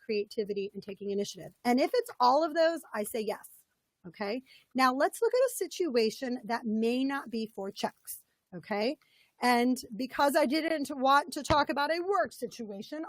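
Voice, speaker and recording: A woman's voice: fairly high pitch, dry recording. A woman leading a live webinar as a coach, upbeat and conversational, her voice a little scratchy and froggy. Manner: upbeat, conversational, repeats key points.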